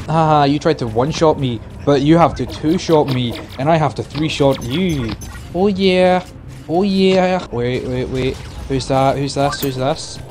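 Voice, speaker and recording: A young man doing loud, sweary gameplay commentary as a gaming YouTuber, shouting catchphrases. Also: a little high, unhurried, faint music behind.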